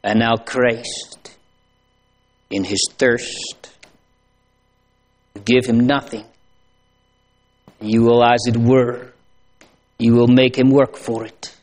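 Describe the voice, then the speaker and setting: Slow, solemn male preacher. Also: medium pitch, level tone, darkish tone. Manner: slow, solemn preaching with rising emphatic pleas. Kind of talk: sermon.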